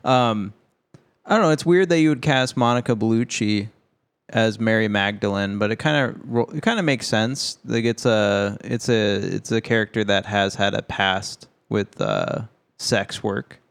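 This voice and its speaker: A man's voice: on the low side, a little slow, vocal fry, clean tone. A man co-hosting a casual film podcast, loose and joking, swearing freely as he talks. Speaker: podcast co-host.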